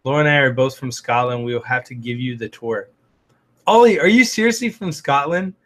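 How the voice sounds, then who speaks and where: A man's voice: medium pitch, expressive, fairly quick, a bit bright. A man hosting a live stream, casually answering viewer comments in an upbeat, chatty way full of fillers and restarts. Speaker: host answering live chat.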